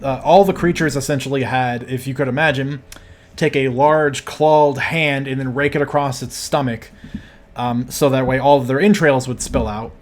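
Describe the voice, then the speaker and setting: A man as game master narrating a tabletop role-play game in a measured, hesitant way with many fillers. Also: medium pitch, steady tone.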